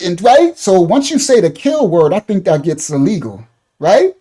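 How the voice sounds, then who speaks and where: A man talking through a livestream in a lively, swooping voice with a mellow, relaxed tone. He rambles in a repetitive, conversational way and calls out his chat viewers by name. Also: sits high, normal speed. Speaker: online commentator. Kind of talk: livestream commentary.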